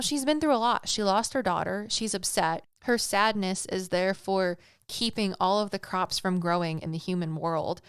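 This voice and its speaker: A young adult woman hosts a podcast and retells an old myth in a chatty, slangy, playful way. Her voice is very clear and smooth, and the sound is close and dry. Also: medium pitch, dry recording. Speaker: podcast host.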